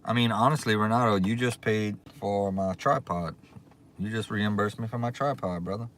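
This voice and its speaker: A man hosting a casual livestream, excitable and drawling as he thanks his viewers over and over. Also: fairly low pitch, normal speed, slight background noise. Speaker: livestream host. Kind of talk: casual live chat. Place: outdoors.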